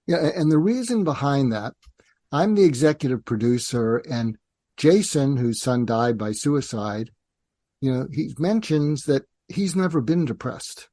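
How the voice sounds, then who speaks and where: An older man speaks as a psychiatrist guest, explaining patiently and steadily. His voice is mellow and relaxed. The recording is dry and close. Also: mid-range voice, no room sound. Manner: calm, measured, acts out parent and teen dialogue. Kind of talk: conversational interview explanation.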